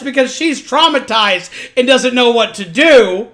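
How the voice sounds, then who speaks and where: A woman streamer casually retelling an anime plot, animated and full of profanity. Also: sits high, normal speed, hardly any pauses.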